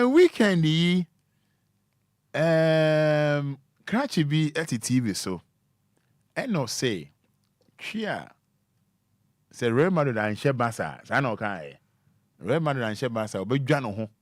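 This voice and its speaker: A man's voice: medium pitch, dry recording, studio quality. A man hosting a radio show, chatting casually and animatedly with teasing asides. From Ghana. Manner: animated, teasing, breaks into drawn-out sounds. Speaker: radio host.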